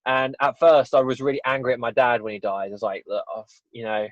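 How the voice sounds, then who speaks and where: In a casual interview, a male podcast guest from England talks fast, rambling earnestly through a story from his own life and tossing in "you know" and "right?" again and again. His pitch is medium. The podcast sound is dull and dry, with no room sound.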